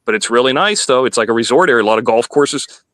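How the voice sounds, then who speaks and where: A man's voice: medium pitch, expressive, quick pace, a bit bright, dry recording. A man in a casual chat, rambling along as he describes a place.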